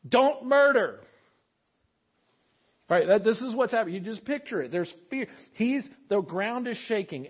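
A high-voiced man preaching a lively sermon, acting out quotes and tossing in jokey asides. The recording is dull and lo-fi, captured in a church sanctuary. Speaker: pastor.

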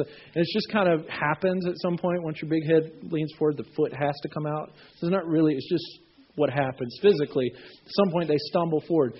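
A husky-voiced male pastor preaching from scripture and telling animated stories. His pitch runs fairly high for a man. The recording sounds dull and lo-fi. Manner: animated storytelling, acting out voices. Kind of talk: sermon.

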